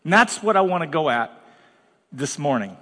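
A man's voice: fairly high pitch, big pitch swings, moderate pace, sharp tone, big-room sound. A man preaching as pastor, talking bluntly and conversationally with dramatic asides. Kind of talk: sermon. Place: large church hall.

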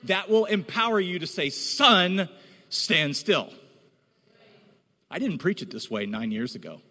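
A man preaching in a church, his fairly high voice swinging widely in pitch. He moves from easy storytelling to emphatic calls to the congregation. The sound carries a long hall reverb. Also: brisk. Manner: animated, rising to emphatic exhortation. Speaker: pastor. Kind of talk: sermon.

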